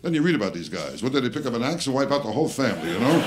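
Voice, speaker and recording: A man at a comedy club mic rattling off brash, self-mocking one-liners and needling people in the audience. He sits at a middling pitch. Roaring laughter from a packed crowd and heavy live-room noise sit all around him. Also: sing-song, rapid-fire, few pauses. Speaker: stand-up comedian.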